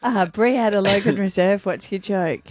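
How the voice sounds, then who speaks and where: A woman's voice: medium pitch, normal speed, a little mellow, no echo. A woman co-hosting breakfast radio, playful and teasing. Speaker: radio host.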